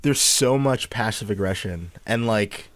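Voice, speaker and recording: A man's voice: fairly low pitch, a little slow, a bit bright, dry recording. Rambling man in dry close-up. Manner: rambling, lots of fillers and restarts. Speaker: podcast co-host. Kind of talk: casual film discussion.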